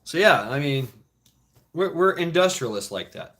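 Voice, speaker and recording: A man's voice: fairly high pitch, very animated, moderate pace, noisy background. A middle-aged man telling rambling, profane stories in a casual chat, with frequent restarts. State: foot injured, limping.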